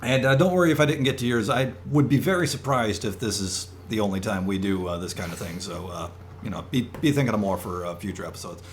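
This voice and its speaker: A man hosting a casual panel chat over a video call, hesitant and full of pauses. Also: fairly low pitch, a little hiss or hum. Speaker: podcast host.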